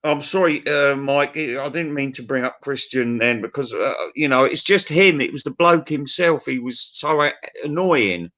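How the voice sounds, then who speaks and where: A man's voice: medium pitch, normal speed, sharp tone. A middle-aged man in casual chat, telling stories in a sweary, ranting way.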